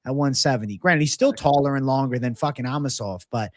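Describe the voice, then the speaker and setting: A man's voice: medium pitch, fairly quick, no echo, clean studio sound. A man co-hosting a fight betting show, giving blunt predictions in casual, profane chat and reading out odds.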